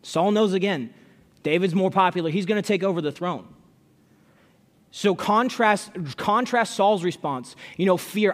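A man's voice: high voice, normal speed. A man preaching an expository sermon, reading scripture aloud and explaining it in a conversational way, often repeating his words as he goes. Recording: long hall reverb.

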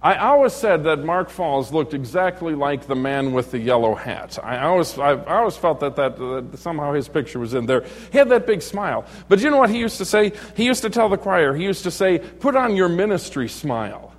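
A man's voice: fairly high pitch, expressive, brisk, hardly any pauses. A middle-aged male pastor giving an evening sermon lesson in a church, jovial and joking, chuckling and teasing his congregation. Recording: long hall reverb.

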